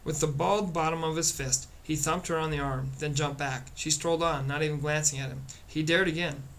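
A man narrating a storybook chapter in a steady, plain reading voice. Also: fairly high pitch, a little fast, slight background noise. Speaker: audiobook reader.

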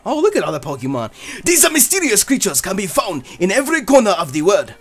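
Man doing a flamboyant game professor with a hammy fake accent, high and lively. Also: very fast, vocal fry, faint music behind, full character voice. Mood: grandly welcoming. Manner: mock foreign accent, theatrical reading. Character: flamboyant male Pokémon professor, cheerful.

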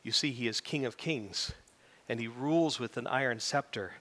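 Middle-aged male pastor, bright forceful tone, reverberant church hall, animated sermon delivery. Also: mid-range voice, normal speed. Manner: animated preaching, rising to loud emphatic peaks. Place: church sanctuary.

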